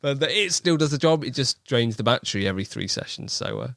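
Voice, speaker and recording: A man with a West Country English accent is a guest on a casual podcast, an angling video maker chatting in an easygoing, thoughtful way and laughing often. His medium-pitched voice is expressive and a bit bright, quick-paced with vocal fry, recorded at studio quality with no echo.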